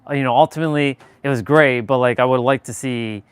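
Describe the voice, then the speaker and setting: A man's voice: medium pitch, a little fast, clear, resonant tone, no echo. A man from Southern California hosting a livestream, chatting casually in a rambling way, full of fillers and casual swearing. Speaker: livestream host. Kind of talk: casual chat. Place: indoors, away from the city he talks about.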